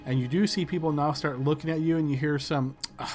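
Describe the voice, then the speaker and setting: Man, game master, tabletop narration, unhurried, fillers, slightly high voice. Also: fairly even intonation, darkish tone. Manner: descriptive, unhurried, many fillers.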